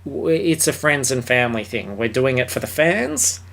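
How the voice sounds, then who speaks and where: A man co-hosting a podcast, reviewing films in relaxed conversation. He talks with an average pitch and rambles, trailing through fillers and restarts and dropping casual swear words. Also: moderate pace, creaky. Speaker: podcast co-host. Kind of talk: casual film review chat.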